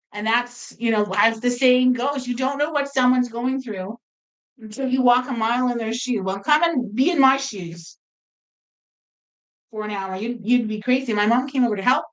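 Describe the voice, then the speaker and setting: Middle-aged lady chatting away while she sews, kinda high voice, rambly and animated. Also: low-quality recording. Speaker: quilting video host. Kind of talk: casual storytelling while sewing.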